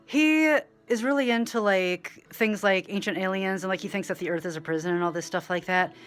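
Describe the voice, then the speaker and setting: A woman vlogging in a rambling monologue, full of "like" and side tracks, swinging between loud animated bursts and quiet asides. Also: mid-range voice, a little fast, faint music behind. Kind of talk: rambling direct-to-camera monologue.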